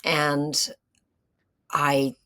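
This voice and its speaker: A middle-aged woman, an actress, telling stories in a casual interview, animated and full of fillers and restarts. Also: sits low, very slow, clean tone. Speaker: actress and screenwriter, interview guest.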